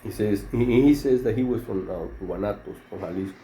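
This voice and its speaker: Brisk and warm, on the low side, a middle-aged man from Mexico, a former inmate, rambles through a story loaded with slang and filler words. The recording picks up a roomy echo and faint background noise.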